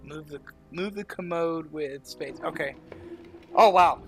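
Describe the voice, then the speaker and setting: A man's voice: a little high, measured pace, over music. A young man from the American South, rambling chattily over a game he is playing. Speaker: gaming channel host. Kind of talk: casual game commentary.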